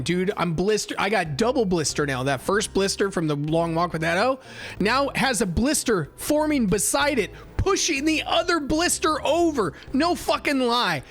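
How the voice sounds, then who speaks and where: High-voiced man telling rambling stories. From United States. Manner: rambling storytelling, lots of swearing and restarts. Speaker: livestream host. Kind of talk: casual chat.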